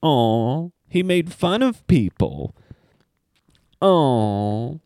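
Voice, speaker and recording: A man's voice: mid-range voice, very slow, no room sound, studio quality. Guy ranting on his podcast, sarcastic and all over the place, voice swings up and down a lot. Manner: animated, sarcastic, rambling rants with swearing. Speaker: podcast host. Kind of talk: casual solo commentary.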